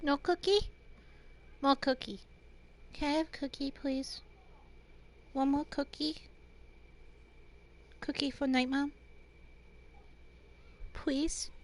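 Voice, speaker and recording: A woman's voice: high-pitched, fairly even intonation, takes it slowly, pauses often. A woman doing a babyish cookie-begging voice. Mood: whiny. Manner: baby talk, broken grammar.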